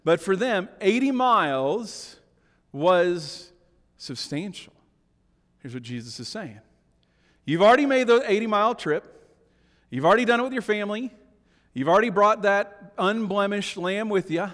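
In a church sanctuary with long reverb, a middle-aged pastor preaches a sermon in a high-sitting, expressive voice at normal speed with long pauses. He swings between hushed, intimate asides and emphatic raised declarations, repeatedly checking in with the congregation by asking "right?".

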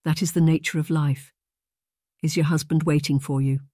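A narrator voicing a big, commanding Highlander man with a Scottish accent and blunt, authoritative speech in an audiobook. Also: level tone, normal speed, warm tone, no echo, clean studio sound, natural voice. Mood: steady. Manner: commanding, blunt, dialect words. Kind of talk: audiobook character voice.

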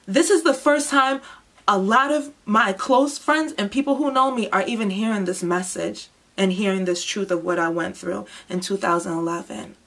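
A young woman giving an emotional personal testimony, moving between hushed, heavy moments and impassioned outbursts. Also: mid-range voice, normal speed. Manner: intense, swings from hushed to impassioned. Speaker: testimony speaker.

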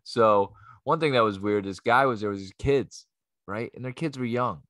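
A man tells a rambling comic story, swearing freely and jumping into quoted voices. His voice sits low, and the recording is dry and close. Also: moderate pace, a bit bright, no echo. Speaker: comedian host.

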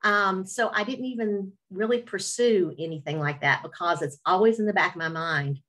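A woman's voice: medium pitch, normal speed, hardly any pauses, fairly bright tone. A middle-aged woman with an Appalachian Southern accent tells her story on a webinar, with self-deprecating humor and talk of her faith. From Virginia, USA. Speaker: radio host, webinar speaker. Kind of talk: personal testimony talk. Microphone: webinar video call.

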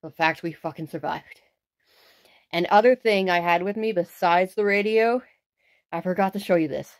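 A woman hosting a casual paranormal challenge vlog, excitable and dramatic, swearing freely as she talks to the camera. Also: lowish voice, moderate pace. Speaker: video host.

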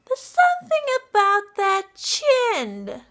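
A woman from Yorkshire putting on a squeaky, very high voice for a bubbly, patronising female villain's sidekick from comics. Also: huge pitch swings, slow pace, a bit bright, exaggerated voice. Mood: sugary. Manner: sugary and patronising.

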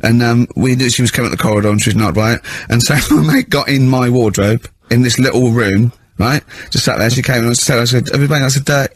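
A husky man co-hosting a radio show in a relaxed, chatty way. He tells lively stories and breaks into shrill shouting impressions of the people in them. His voice sits in a middle register with a slightly rough edge. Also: quick pace, hardly any pauses. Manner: animated storytelling, mimics shouting people. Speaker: radio co-host. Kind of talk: casual radio chat.

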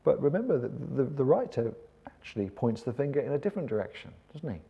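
A man's voice: mid-range voice, very animated, fast, gravelly, mellow, breathy edge. An Englishman giving a sermon-style seminar talk, conversational with rhetorical questions and wry asides. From England. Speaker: seminar speaker.

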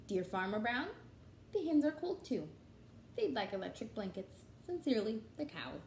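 A woman reads a picture book aloud to children, slow and sing-song, her fairly high voice leaping all over its range. She sounds like a teacher at storytime. The room is echoey, with a faint hum of ambient noise behind her. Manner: sing-song, highly animated, slow and expressive.

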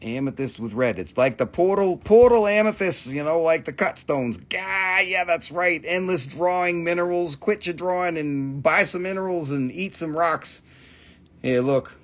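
A man's voice: a little high, normal speed. Chatty man selling crystals on a live stream. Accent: Appalachian. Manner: loose, chatty, swears casually, reads out prices and buyer numbers. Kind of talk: casual live sales stream.

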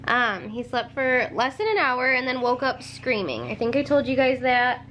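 A woman's voice: sits high, big pitch swings, normal speed, fairly bright tone, a little hiss or hum. A young woman and mom talking casually to her handheld camera at home, rambling and tired, with lots of "like" fillers. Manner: chatty and rambling, many "like" fillers. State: tired and emotional. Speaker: mom vlogger. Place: home living room.

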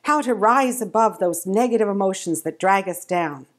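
An older woman sharing a gentle, earnest personal devotional testimony, slowing down for emphasis. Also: mid-range voice. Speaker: devotional speaker.

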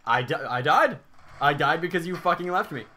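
A man's voice: on the high side, expressive, moderate pace, noisy background. A young man co-hosting a let's play, talking casually over a game, swearing often and laughing at his partner. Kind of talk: casual gaming commentary.

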